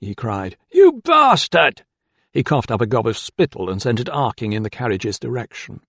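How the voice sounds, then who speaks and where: A man narrating an audiobook with a dramatic, expressive reading. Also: medium pitch, no room sound.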